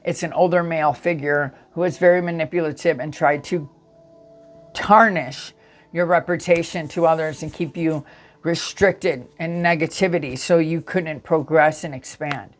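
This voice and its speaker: A woman's voice: low-pitched, steady tone, moderate pace. A woman giving a casual spiritual tarot reading to her viewers, earnest and emphatic, often restarting her sentences. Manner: earnest, emphatic, with frequent restarts and self-corrections. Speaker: tarot reader.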